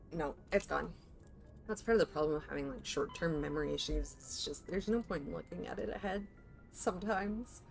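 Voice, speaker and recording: A woman's voice: on the low side, normal speed, vocal fry, a little mellow, soft background music. Chatty woman streaming a game. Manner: chatty, self-interrupting, talking to viewers. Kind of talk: casual game commentary.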